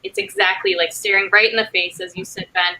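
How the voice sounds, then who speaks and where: A woman's voice: medium pitch, fairly even intonation, brisk, pushed and bright, poor audio. A woman moderating a casual panel conversation, thinking aloud with loose phrasing and frequent fillers.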